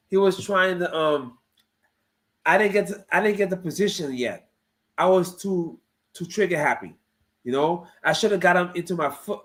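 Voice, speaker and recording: A man who fights in MMA, talking his livestream chat through footage of his own fight with repetitive, excitable play-by-play. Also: sits high, moderate pace, poor audio.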